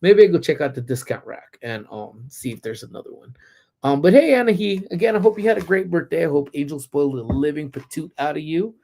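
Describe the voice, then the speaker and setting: A man's voice: fairly high pitch, big pitch swings, a little fast, gravelly, dark tone. A man hosting a casual live-stream chat from a parked car, telling stories with lots of ums and turning blunt and profane when he is annoyed. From Southern California. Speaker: livestream host.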